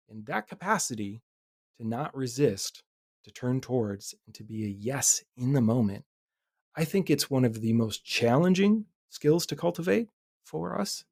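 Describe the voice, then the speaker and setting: A man in his thirties hosting a podcast, telling a personal story in a relaxed, candid way with occasional swearing. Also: mid-range voice, a little slow, vocal fry, no room sound, clean studio sound. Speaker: podcast host.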